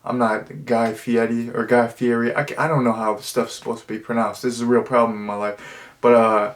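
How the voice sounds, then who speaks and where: A man talks through a movie review in a loose, rambling way. He circles back on himself, piles on fillers and restarts sentences as he goes. His voice sits at an ordinary middle pitch. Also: little pitch movement, brisk. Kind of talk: casual spoken movie review.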